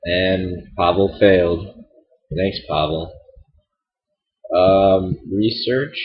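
A man's voice: sits low, slow, long pauses. A man hosting a game let's play, stuffed up and nasal, rambling and apologetic with a wry edge. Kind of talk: casual game commentary. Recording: dull lo-fi home mic.

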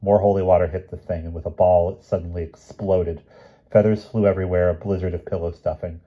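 Guy reading a book aloud, deep voice, bit raspy, muffled lo-fi audio. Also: a little fast. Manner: steady storytelling with occasional slips and restarts. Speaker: audiobook reader. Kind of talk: audiobook narration.

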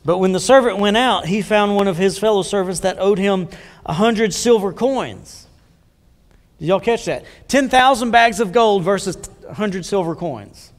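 In a church sanctuary that sounds like a large hall, a pastor with a high-pitched voice preaches a sermon at a moderate pace. He speaks conversationally and puts questions to the congregation.

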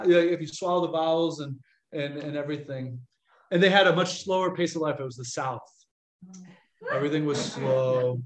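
A young American man, a Catholic priest, telling stories to an audience in a chatty, animated way and acting out the voices of people he quotes. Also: a little high, moderate pace. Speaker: Catholic priest giving a talk. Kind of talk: casual storytelling lecture. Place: room with an audience. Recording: echoey lecture room.

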